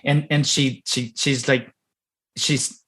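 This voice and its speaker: A man's voice: mid-range voice, level tone, takes it slowly, a bit bright. A man from Ontario, talking as an interview guest. He speaks emphatically and heatedly and repeats words when he gets worked up. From Ontario, Canada. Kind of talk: interview conversation.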